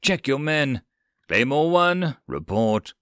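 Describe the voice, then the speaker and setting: A man voicing a tough male squad commander who yells orders to his troops in an audiobook reading. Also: sits low, takes it slowly, smooth, no echo, studio quality. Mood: alarmed. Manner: yelling commands.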